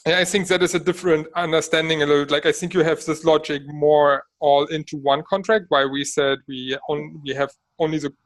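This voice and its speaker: A man's voice: on the high side, little pitch movement, a little fast, hardly any pauses. A man on a video call working through a technical point, thinking aloud and often checking with "right?". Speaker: developer on a community call. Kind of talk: technical discussion.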